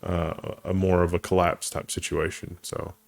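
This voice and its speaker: This co-host of a laid-back tech news program has a low, flat voice with vocal fry and speaks at normal speed. He laughs readily, reasons out loud, and keeps starting sentences over.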